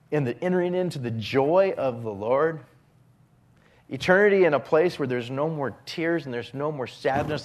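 A man preaching a sermon as a pastor, earnest, often dropping his voice to a hushed whisper on key phrases. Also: a little high.

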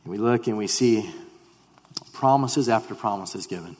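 A man preaching a sermon in an earnest way, repeating himself and dropping to a hush when he voices quoted prayers. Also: lowish voice, normal speed. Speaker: pastor. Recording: long hall reverb.

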